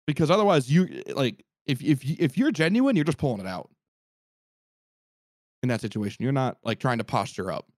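Animated man telling stories. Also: medium pitch, normal speed, no echo, studio quality. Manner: animated, profane, acts out quotes. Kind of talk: casual podcast storytelling.

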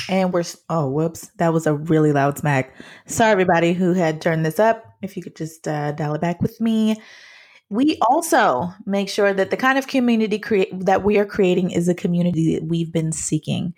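A woman co-hosting a faith podcast in casual chat, playful and teasing with quick asides. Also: fairly low pitch, a little mellow. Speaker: podcast co-host.

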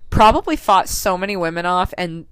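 A woman's voice: fairly low pitch, expressive, fairly quick, a bit bright, clean tone, no room sound. A woman co-hosts a podcast in casual chat, teasing and sarcastic as she reacts. Her voice is close and dry, with no room sound. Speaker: podcast co-host.

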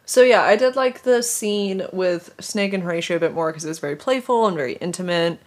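A woman's voice: fairly low pitch, brisk. A woman co-hosting a podcast, reading fiction aloud with playful, giggly asides. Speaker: podcast co-host.

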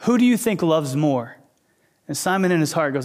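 A man preaches a sermon and drives home his points with animated, emphatic storytelling. His voice sits fairly high. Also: moderate pace. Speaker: pastor, teacher.

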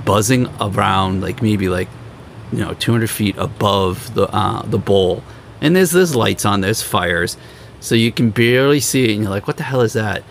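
A young man hosting a podcast, telling road stories in a casual, animated way and acting out other people's lines. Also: creaky, slight background noise. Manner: animated storyteller, acts out quoted people in higher voices. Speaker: podcast host. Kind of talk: casual storytelling chat.

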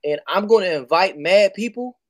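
A man chatting as a guest on a video-call livestream, talking with many fillers and getting animated in quick bursts. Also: high voice, dry recording. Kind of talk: casual chat.

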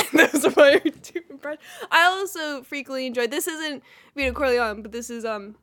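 A young woman hosting a casual podcast, giggling often and poking fun at herself. Her voice is high and bright, and she pads her sentences with fillers and restarts. She talks loosely, like a chat with a friend. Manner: giggly, self-deprecating, many fillers. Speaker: podcast host.

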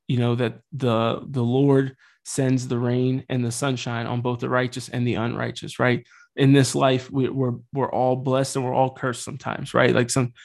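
A man's voice: mid-range voice, creaky, a little mellow. A man in his thirties hosting a Catholic podcast, talking about faith and suffering in a casual, earnest, rambling way with light swearing.

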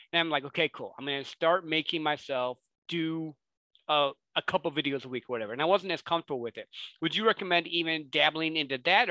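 A man with a fairly high, bright and forceful voice hosts a podcast interview. He asks questions in a relaxed, affirming way. The recording is close and dry. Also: dry recording, rough recording. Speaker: podcast host.

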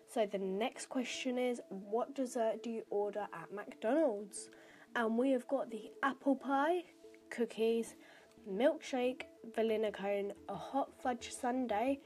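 A teenage girl chats casually as a podcast host. She rambles and fills pauses with little asides. Her voice sits a little high and has a soft, mellow warmth. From United Kingdom. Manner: chatty and rambling, many fillers and asides. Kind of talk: casual chat while taking an online quiz.

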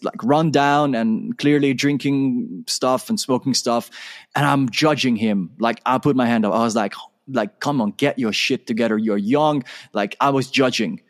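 A man guesting on an interview show tells a story with energy. He acts out the conversation, switching between his own lines and the other person's. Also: mid-range voice.

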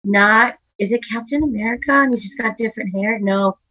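A woman's voice: on the high side, a little fast, breathy edge, no echo. Woman co-host from Massachusetts, chatty, dry close sound, slightly dull. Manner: chatty, laughs often, slips into playful put-on accents. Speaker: podcast co-host. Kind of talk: casual chat.

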